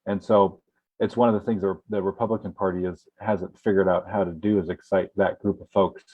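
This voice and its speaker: Man, low voice, hesitant political chat, muffled dry recording. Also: steady tone, a little fast. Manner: hesitant, many fillers and restarts. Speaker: political talk show co-host.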